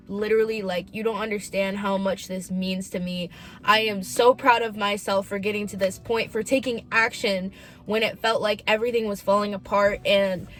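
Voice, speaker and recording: Candid young woman telling a personal story. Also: medium pitch. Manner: emotional, candid, heavy use of "like". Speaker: podcast host. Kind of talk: personal confessional vlog.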